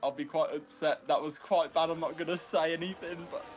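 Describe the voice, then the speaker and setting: Slightly high-voiced and fairly quick, this male co-commentator covers an online sim race. He discusses the driving, checks viewer chat, and keeps a steady, chatty manner throughout.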